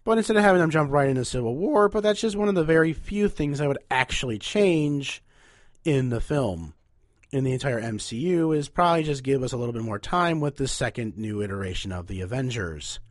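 A man's voice: mid-range voice, expressive, fairly quick, no room sound, studio quality. A young man with a nasal voice hosting a casual, rambling podcast where he ranks movies. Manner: chatty, rambling, upbeat. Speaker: podcast host.

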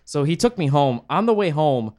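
A man's voice: on the high side, sing-song, moderate pace, darkish tone. Rambling young man. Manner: rambling, filler-heavy storytelling. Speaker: podcast co-host. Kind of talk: casual chat.

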